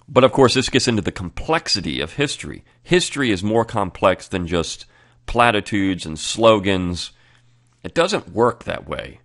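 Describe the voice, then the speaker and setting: A man's voice: deep voice, animated, measured pace, fairly bright tone. A man hosting a weekly review podcast, talking at length in a discursive, unscripted way with many fillers and restarts. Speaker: podcast host. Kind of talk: unscripted commentary.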